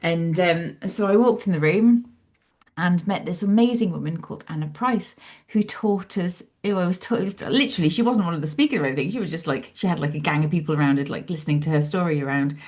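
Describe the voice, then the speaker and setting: Her lowish voice moves at a quick pace as she, a psychologist and author in her 40s, tells her story in an interview. As the guest, she's animated, dramatizing her own past thoughts in lively asides.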